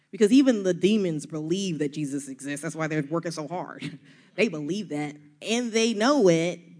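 A woman's voice: lowish voice, darkish tone. A middle-aged woman with a Southern US accent, preaching an earnest, encouraging sermon full of rhetorical questions.

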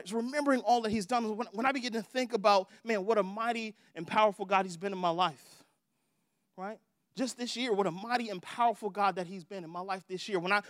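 A man preaching a sermon as pastor, emphatic and repetitive, swinging between hushed and loud passages. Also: extremely high pitch, no echo, studio quality.

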